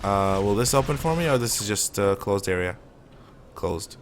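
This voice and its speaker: A man's voice: lowish voice, expressive, moderate pace, slight background noise. A man streaming a shooter game live, rambling and opinionated as he plays. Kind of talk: casual live gameplay commentary.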